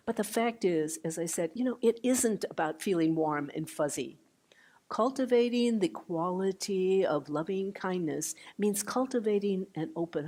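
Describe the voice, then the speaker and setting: Older woman, meditation teacher, dharma talk, slow gentle delivery, low-ish voice. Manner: gentle, unhurried, with soft trailing drops and restarts. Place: meditation hall.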